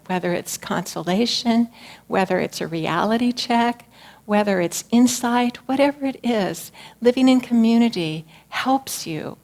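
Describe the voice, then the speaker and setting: A woman giving a personal spiritual talk to her community, speaking in a gentle, earnest, reflective manner. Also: medium pitch.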